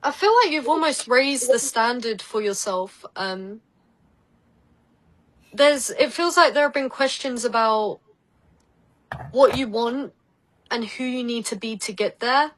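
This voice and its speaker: A woman from Essex, England, with an Essex English accent, guests on a podcast as a psychic, chatting casually and giving tarot readings. Her voice is a little high and fairly bright, unhurried with long pauses, and she laughs easily while filling her talk with "like" and "um". The audio quality is poor.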